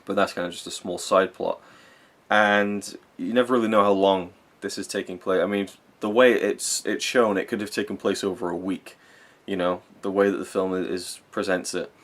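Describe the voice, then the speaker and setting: A man's voice: deep voice, steady tone, normal speed. A young man giving a rambling, enthusiastic spoken film review, full of fillers and self-corrections.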